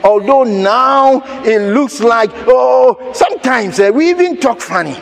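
A man preaching a sermon, telling a personal story with animated laughter and sudden shouted lines. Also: very high-pitched, measured pace, a little hiss or hum.

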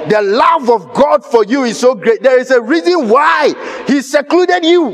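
A man preaching a sermon in a church, telling a personal story with laughter and sudden shouts. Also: very high voice. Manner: animated, laughing, bursts of shouting. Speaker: pastor.

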